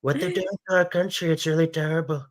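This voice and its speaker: A man's voice: fairly high pitch, fairly even intonation, quick pace, pitched below the performer's own voice, close to an everyday voice. A man doing a comedic impression of a rambling, boastful elderly male politician who repeats himself and praises or insults people in superlatives. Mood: mocking. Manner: repetitive, superlative-heavy, rambling.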